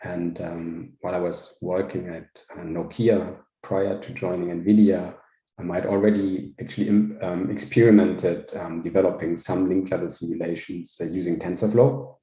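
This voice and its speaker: A man giving an informal technical talk over a video call, relaxed and hesitant, with many fillers and restarts. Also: sits low, moderate pace. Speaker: invited speaker, research scientist. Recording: roomy, dull lo-fi call audio.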